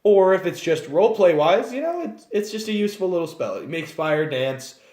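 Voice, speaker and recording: Animated man explaining tabletop game races. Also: sits high, moderate pace. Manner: animated, digressive, acts out scenes. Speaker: channel host. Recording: roomy echo.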